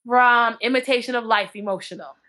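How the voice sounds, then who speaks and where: A young woman from North Dakota, a book blogger, is a guest in a casual interview, telling animated stories and laughing often. Her voice is fairly high and she talks a little fast.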